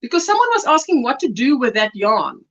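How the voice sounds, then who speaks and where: A South African woman hosting a casual crochet livestream, chatting warmly and reading viewer comments aloud with delight. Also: on the high side, sing-song, fairly quick.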